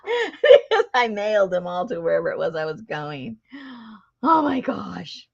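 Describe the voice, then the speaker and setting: A woman's voice: lowish voice, moderate pace, gravelly. A middle-aged woman telling a story to a casual chat audience, laughing often. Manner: chatty, laughs often, animated retelling. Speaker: host. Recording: dull lo-fi sound.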